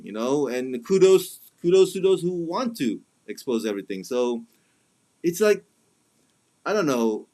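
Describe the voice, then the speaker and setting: A man reviews a film casually in a medium-pitched, slightly mellow voice. He's chatty, full of fillers and restarts, and puts on mocking voices when quoting others.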